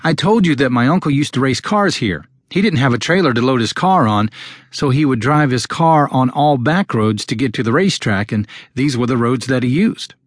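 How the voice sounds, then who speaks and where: A man's voice: medium pitch, animated, moderate pace, no echo, studio quality, pitched above the performer's own voice, close to an everyday voice. A male narrator voicing a young wife and mother who knows the back roads well, speaking in a raised, urgent way. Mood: confident. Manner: panicked at first, then firm and sure.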